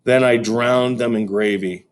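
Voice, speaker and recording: A man's voice: medium pitch, fairly even intonation, a little slow. A man reading a children's novel aloud, narrating expressively with a few small stumbles. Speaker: storybook reader.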